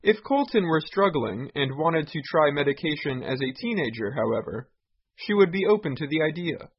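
A man reading a scripted news report in a measured, even delivery. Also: on the high side, husky, muffled recording. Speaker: news reader.

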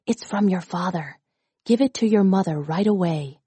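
A woman voicing a big, kindly man who is a cook, speaking low and hushed in a storybook reading. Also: normal speed, husky, dry recording. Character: big booming adult male cook, kindly.

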